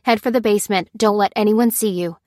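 A woman's voice: mid-range voice, brisk, dark tone, dry recording, studio quality, natural voice. A woman reading the lines of an urgent, commanding woman who gives firm, clipped warnings.

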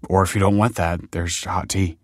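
A man's voice: low-pitched, flat delivery, moderate pace, a little mellow, dry recording, studio quality. A man reading an audiobook, voicing a desperate husband who stammers and pleads. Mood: pleading. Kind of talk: audiobook character voice.

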